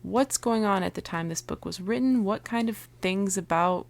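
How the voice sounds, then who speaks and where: A woman's voice: medium pitch, normal speed, gravelly. A young adult woman co-hosting a podcast in casual chat, talking with frequent "um"s and laughing easily. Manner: chatty, laughs often, hesitant fillers. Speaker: podcast co-host.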